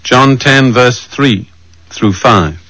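A man preaching a sermon, measured and emphatic, slowing down to read scripture verses aloud. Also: medium pitch, sharp tone, no echo, rough recording.

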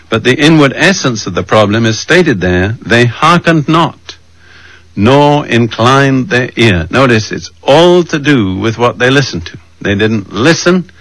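A man preaching a sermon, measured and emphatic, slowing down to read scripture verses aloud. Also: mid-range voice, a bit bright, no echo, rough recording.

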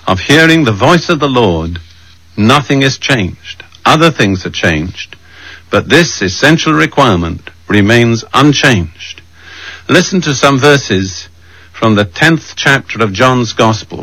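A man preaching a sermon, measured and emphatic, slowing down to read scripture verses aloud. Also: mid-range voice, fairly bright tone, dry recording, low-quality recording.

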